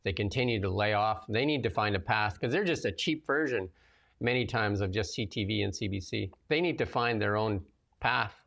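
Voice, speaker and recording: Male talk co-host, gravelly voice, blunt and opinionated. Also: fairly low pitch, a bit bright. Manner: opinionated, blunt, rapid asides. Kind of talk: political talk show commentary.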